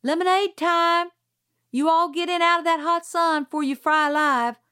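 A woman reading a novel aloud, voicing an older woman housekeeper who calls out loudly. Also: very high voice, steady tone, normal speed, pitched above the performer's own voice. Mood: calling out.

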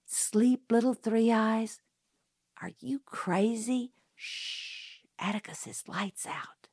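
A woman voicing a stubborn boy of about twelve in an audiobook, speaking in urgent, hushed tones. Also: mid-range voice, slow, dry recording, studio quality. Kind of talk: audiobook character voice.

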